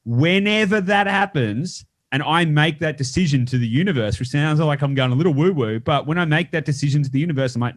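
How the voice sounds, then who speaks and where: A man's voice: a little fast, few pauses. A man hosting a podcast interview, talking in loose rambling sentences with frequent restarts. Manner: rambling, restarts often, acts out clients in a high voice. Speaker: podcast host. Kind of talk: casual interview chat.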